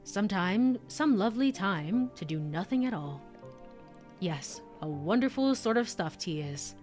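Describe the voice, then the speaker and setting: A woman voicing a gentle, polite male tea shop keeper from a game, speaking formally and soothingly. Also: medium pitch, expressive, unhurried, faint music behind, lightly acted. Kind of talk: reading game dialogue aloud.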